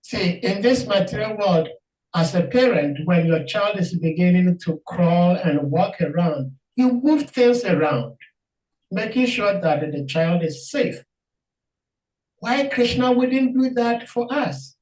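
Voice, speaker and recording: Slow, earnest speaker in an echoey room. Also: mid-range voice, expressive, a little mellow. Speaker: participant and moderator. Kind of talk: reflective casual talk. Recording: echoey, distant call audio.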